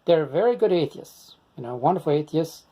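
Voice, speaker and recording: A man's voice: on the high side, animated, a little fast, lo-fi sound. A man in his sixties with an Italian American accent, delivering a rambling, insistent and combative monologue to the camera. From United States. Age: 60s. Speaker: video blogger.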